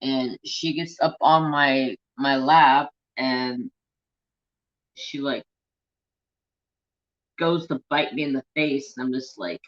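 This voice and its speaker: A man's voice: medium pitch, fairly even intonation, slow, pauses often, a bit bright, highs cut off. An American man chatting casually and playfully about his pets and talking to them, as a craft channel host.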